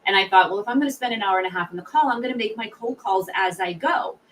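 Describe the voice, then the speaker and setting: A middle-aged woman tells a story with lively energy and acts out the voices of people in it. She sits a little away from the mic, and faint noise runs behind her. Her pitch sits in an ordinary middle range. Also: fast, distant mic, rough recording. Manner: lively, animated storyteller acting out quotes. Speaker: guest, sales author and founder. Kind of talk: storytelling in a podcast interview.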